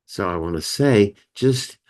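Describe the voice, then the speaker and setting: Deep gravelly guy teaching life skills, slow talker, lots of "you know", acts out the feelings. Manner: animated, acts out emotion words with gasps and sighs; conversational, many "you know" and "right". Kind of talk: community meeting talk.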